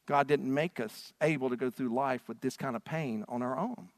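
A man's voice: medium pitch, normal speed, no room sound, clean studio sound. A man preaching a sermon from a church stage, earnest and emphatic. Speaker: pastor.

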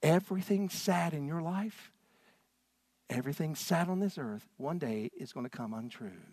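Guy preaching, kinda high voice, goes big then quiet, dry close sound. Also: moderate pace, no room sound. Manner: dramatic preaching, swinging from loud to hushed. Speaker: pastor. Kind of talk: sermon.

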